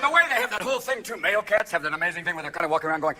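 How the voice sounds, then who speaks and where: Manic stand-up man, high animated voice. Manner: manic, jumping between rapid character voices; profane, shouting punchlines. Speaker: stand-up comedian. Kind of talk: stand-up routine. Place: comedy stage before a live audience. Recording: live show with loud audience noise.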